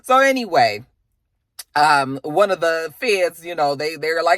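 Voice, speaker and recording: A casual TV recapper tells the episode like gossip with a friend, dropping asides and fillers along the way. The voice swings widely up and down in pitch. The sound is dry and close, with little room. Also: normal speed, dry recording. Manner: animated, slangy storytelling with frequent asides and fillers. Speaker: TV episode reviewer.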